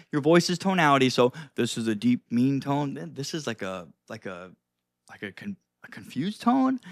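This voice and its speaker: A man's voice: on the high side, fairly bright tone, dry recording, clean studio sound. A young man giving casual advice on social skills, loose and chatty with lots of fillers and some cussing. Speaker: social skills video host. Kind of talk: casual advice talk to camera. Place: seated indoors.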